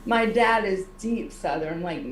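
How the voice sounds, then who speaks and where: A woman co-hosting a casual online chat show, chatty and quick to giggle. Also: medium pitch, a little hiss or hum. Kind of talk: casual video-call chat. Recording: echoey room, distant mic.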